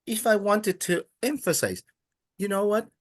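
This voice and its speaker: A man teaching a beginner Spanish class. He is patient and encouraging, and he speaks haltingly with many "uh" fillers. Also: high-pitched, expressive.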